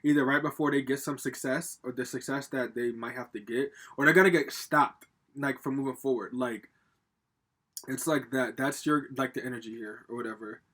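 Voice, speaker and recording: A man's voice: medium pitch, fairly even intonation, normal speed, fairly bright tone. A man giving a casual pick-a-card tarot reading at home, talking straight to viewers in a loose, profane, rambling way with plenty of fillers. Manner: rambling with frequent fillers and laughs. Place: home, with a laptop.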